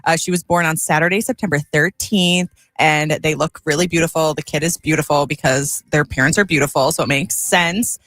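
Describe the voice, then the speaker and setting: Female co-host, low-ish voice, casual news read, dry studio mic. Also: brisk, few pauses, a bit bright, no room sound. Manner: casual, conversational. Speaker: radio show co-host. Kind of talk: reading celebrity news on air. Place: radio studio.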